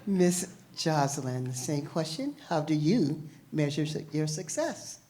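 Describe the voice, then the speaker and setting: A woman's voice: sits low, very animated, unhurried, mellow. A woman moderating a live podcast panel at a university, giving brief upbeat prompts to each speaker. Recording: noisy live recording.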